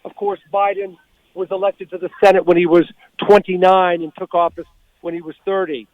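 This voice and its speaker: A man calling in as a political guest commentator, talking in a measured, deliberate way with many fillers. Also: high voice, level tone, no room sound. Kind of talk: radio call-in commentary. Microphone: telephone. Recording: tinny phone line.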